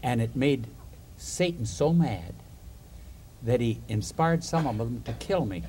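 A man preaching a storytelling sermon, an animated storyteller who chuckles between points and puts questions to his listeners. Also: medium pitch, measured pace, slight background noise.

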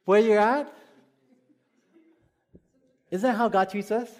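A pastor from Hawaii preaches in a relaxed storytelling way, with a Hawaiian accent. His voice sits fairly high for a man. He chuckles easily and keeps turning to the congregation with questions. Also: slow pace. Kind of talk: sermon.

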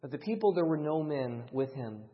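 A man preaching a sermon with dramatic delivery that swings between loud emphasis and hushed lines. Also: a little high, animated, a little fast. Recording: dull, reverberant hall sound.

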